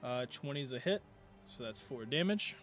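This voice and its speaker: A man's voice: mid-range voice, animated, normal speed, a bit bright. A man narrating a tabletop game as game master, rambling through the scene with many fillers and restarts.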